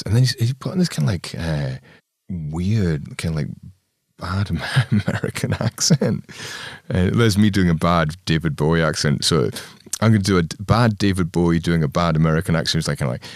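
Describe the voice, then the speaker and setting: A male band member telling an animated anecdote in an interview, slipping into impressions and laughing along the way. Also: sits low, moderate pace, no echo, clean studio sound. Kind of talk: storytelling interview.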